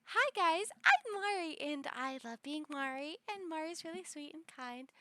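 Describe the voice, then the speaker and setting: A woman voicing a sweet, gentle girl character in a slow, soft, raised voice. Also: high-pitched, expressive, a little hiss or hum, pitched above the performer's own voice.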